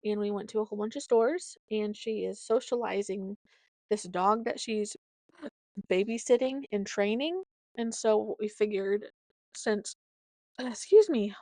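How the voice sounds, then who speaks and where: A woman's voice: mid-range voice, no echo. A woman in her thirties talks through her week on a solo podcast, chatty and rambling. Her voice sits mid-range for a woman. The recording is dry and close, made at home. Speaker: podcast host. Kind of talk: casual solo chat.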